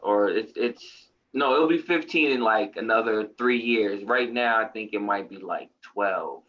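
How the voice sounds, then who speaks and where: A man hosting a casual talk show, unhurried and relaxed as he hands over to his co-host. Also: fairly low pitch. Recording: muffled lo-fi audio.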